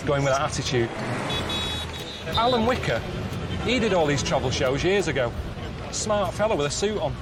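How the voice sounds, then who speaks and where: A man, presenting a travel documentary on location in a deadpan, weary, grumbling way. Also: a little high, moderate pace, long pauses, over loud music.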